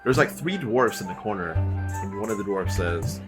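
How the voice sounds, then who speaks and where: Low-voiced casual game master. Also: male voice, animated, normal speed, over music. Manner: casual, descriptive, filler-heavy. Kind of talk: narrating a tabletop game.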